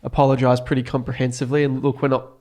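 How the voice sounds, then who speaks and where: A man's voice: mid-range voice, little pitch movement, very fast, a little mellow. Young male co-host, mid-range voice, cheeky and chatty. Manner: chatty, jokey, plugs the show with cheeky asides. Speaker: podcast co-host. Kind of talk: casual chat.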